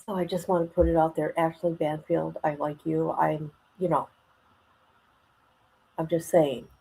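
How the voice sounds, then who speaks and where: A woman's voice: sits low, little pitch movement, unhurried, creaky, warm tone, slightly rough, poor audio. A woman hosting a casual livestream, chatting colloquially, reading viewer comments aloud and laughing often. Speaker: livestream host.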